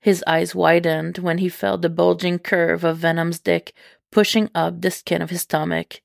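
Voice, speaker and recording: A woman reading fiction aloud in a measured, unhurried way. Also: on the low side, level tone, vocal fry, no room sound, clean studio sound. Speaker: reader.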